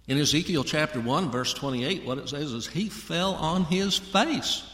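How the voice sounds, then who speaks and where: A man's voice: a little high, expressive, moderate pace, few pauses, fairly bright tone. A man preaching a folksy sermon and talking straight to his congregation. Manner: folksy, addresses congregation directly. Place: church auditorium. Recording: echoey hall with long reverb.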